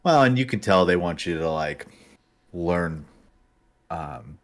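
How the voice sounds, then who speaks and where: Deep-voiced man, hesitant casual talk. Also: animated, takes it slowly. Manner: hesitant, many ums and restarts. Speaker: podcast co-host. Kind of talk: casual chat.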